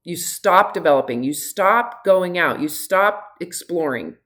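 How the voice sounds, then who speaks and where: A middle-aged woman coaching a client one-on-one in a frank, direct and animated way. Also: lowish voice, measured pace. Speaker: health coach. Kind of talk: one-on-one consultation.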